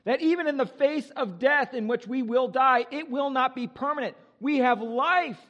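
A male pastor preaching an animated, joking sermon with exuberant energy. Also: extremely high pitch, normal speed, long reverb tail, dull audio.

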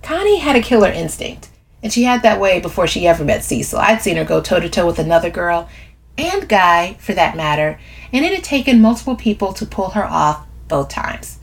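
A woman narrates a first-person novel as an audiobook. Her voice is fairly low, and she tells the story expressively. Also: very animated, a little fast, gravelly.

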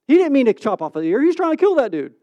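A man preaches in a lively, conversational way, often checking in with "right?". He acts out the scenes, swinging from loud to hushed. His voice sits high and the sound is dry, with no room echo. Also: muffled recording. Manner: animated storytelling with quick swings between loud and hushed. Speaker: pastor. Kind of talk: sermon.

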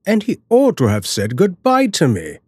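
A man's voice: a little high, wildly swooping pitch, moderate pace, a little mellow, slightly rough, dry recording, clean studio sound, pitched above the performer's own voice, heavily acted. A man voicing a worried, plain-spoken middle-aged father in a storybook reading. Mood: uneasy.

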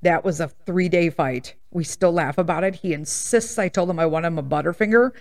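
A woman's voice: on the low side, fairly quick. Blunt, sassy woman telling stories. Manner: blunt, sassy and emphatic, laughs at own stories. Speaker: podcast host. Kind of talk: casual storytelling monologue.

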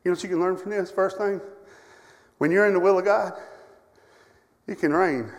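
A middle-aged man preaching a sermon, telling personal stories with feeling, rising loud and then dropping to a hush. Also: sits high, normal speed, pauses often. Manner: emotional storytelling, swings from loud to hushed. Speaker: camp director preaching. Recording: long hall reverb.

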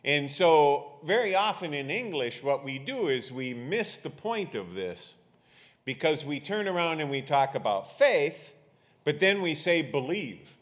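A male pastor delivers a sermon, moving between quiet prayer and emphatic teaching. His voice sits a little high for a man and rises and falls widely as he stresses his points. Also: sing-song, unhurried. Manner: prays quietly, then preaches with rising emphasis.

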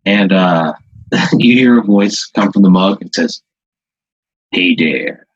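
Man, deep voice, breathy, halting storyteller, many fillers, dry close sound. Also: dry recording, dull audio. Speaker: improv storyteller. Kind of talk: improvised second-person storytelling.

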